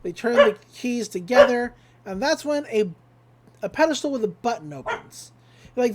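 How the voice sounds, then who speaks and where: A woman with a fairly high voice and lively intonation, speaking at a normal speed, hosts a podcast recapping a cartoon episode. Casual and enthusiastic, she chats along with lots of fillers.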